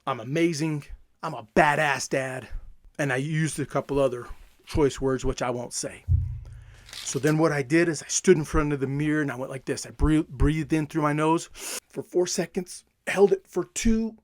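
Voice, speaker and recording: A man giving an energetic, emphatic motivational talk, repeating phrases for effect. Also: fairly high pitch, no room sound, clean studio sound. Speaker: self-help coach.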